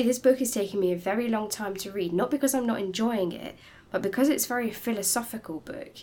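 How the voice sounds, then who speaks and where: A woman co-hosting a casual book-club podcast, animated and enthusiastic, laughing easily. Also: medium pitch. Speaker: podcast co-host.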